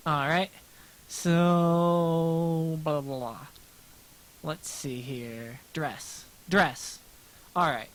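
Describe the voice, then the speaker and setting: On a low-quality recording, a man with a slightly high, fairly even voice talks extremely slowly and pauses often. He's a streamer and artist sketching on a livestream, drifting through self-mocking small talk with many restarts.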